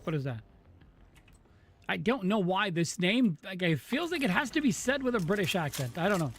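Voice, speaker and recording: Excitable rambling male streamer. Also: high voice, moderate pace, a little hiss or hum. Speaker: game streamer. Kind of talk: casual gaming stream chat.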